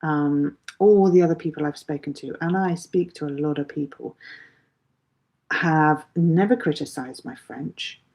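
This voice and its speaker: A woman's voice: low voice, a little slow, a little mellow. A middle-aged woman teaching a live online English lesson, patiently explaining with everyday examples.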